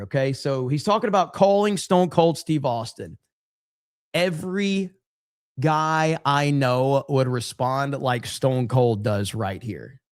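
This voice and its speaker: A man's voice: on the high side, dry recording, studio quality. A man hosting a casual livestream podcast, laid back and chatty, reading out viewer comments with plenty of fillers. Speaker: podcast host.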